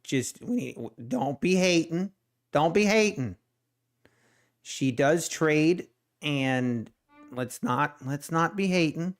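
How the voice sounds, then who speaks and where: A man's voice: a little high, expressive, slow. A middle-aged man, chatting casually on a trading livestream, laid-back and joking. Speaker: day trading livestream host. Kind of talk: casual live-stream chat.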